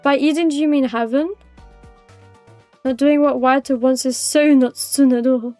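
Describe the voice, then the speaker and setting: A woman's voice: sits high, fairly even intonation, a little slow, a little mellow, dry recording, soft background music. A young British woman livestreaming, chatting with viewers in a rambling, teasing way and laughing easily. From Britain. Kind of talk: casual chat with live viewers.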